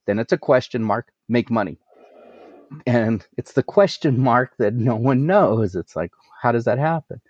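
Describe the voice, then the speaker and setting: A man giving energetic business advice as a coach, asking rhetorical questions and laughing at himself. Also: medium pitch, no echo, highs cut off. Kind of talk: casual business interview.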